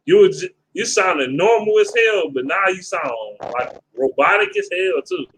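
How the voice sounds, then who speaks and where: A man on a casual sports talk call, animated and slangy. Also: high-pitched, slight background noise, rough recording. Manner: animated, slangy, quick to laugh. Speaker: guest caller. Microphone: home mic on an online call.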